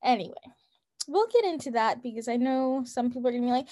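A young woman co-hosting a podcast speaks fast in a slightly high, expressive voice with a dark tone. She's casual, opinionated and emphatic, using lots of "like" as filler.

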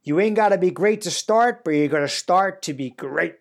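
An Englishman doing a rousing Texan motivational guru whose drawl comes out loud and high-pitched. The put-on Southern US accent is broad and exaggerated. It sounds a little off-mic. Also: expressive, moderate pace, gravelly. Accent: put-on Southern US (Texas). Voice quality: exaggerated drawl, self-admittedly poor. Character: Texan male motivational speaker, upbeat.

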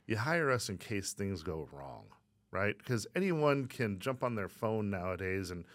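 A man's voice: fairly low pitch, sing-song, unhurried, fairly bright tone, dry recording. A man co-hosting a real estate podcast, talking emphatically and often tagging his points with a question. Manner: emphatic, keeps adding "right?". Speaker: real estate agent and co-host. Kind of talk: casual chat.

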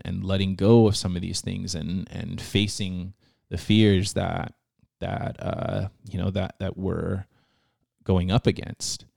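Deep, gravelly young man telling a story. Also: darkish tone, dry recording, clean studio sound. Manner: loose and slangy, full of fillers and restarts; earnest and emotional when telling the story. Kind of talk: casual storytelling in a podcast chat.

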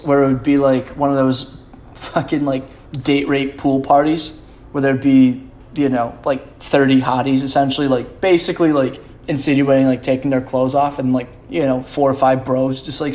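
A man's voice: mid-range voice, darkish tone, a little hiss or hum. A young man hosting a solo podcast, rambling in a profane, self-mocking way and laughing often. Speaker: podcast host.

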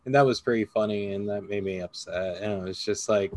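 A man's voice: fairly low pitch, a little fast. Ranting, foul-mouthed male podcast host. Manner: ranting, swears freely, jokey asides. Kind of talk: casual podcast chat.

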